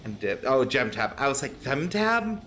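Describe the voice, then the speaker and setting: A male streamer chats loosely while he plays, swearing freely and breaking into laughs. His voice is bright and forward at an ordinary pitch. A faint hum sits under it. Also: fairly even intonation, brisk. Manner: chatty, profane, laughs often. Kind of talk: casual gaming chat.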